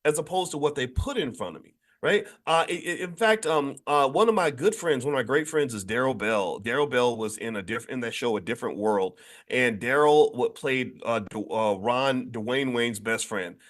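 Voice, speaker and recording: A man hosting a daily morning show, talking in an emphatic, animated monologue full of restarts and repeated words. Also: mid-range voice, moderate pace, hardly any pauses. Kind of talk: casual monologue commentary.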